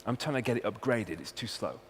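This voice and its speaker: A man's voice: fairly low pitch, big pitch swings, brisk. A man with a Welsh accent, a university researcher giving a humorous talk and hitting key words with punchy emphasis. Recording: long hall reverb, faint hum.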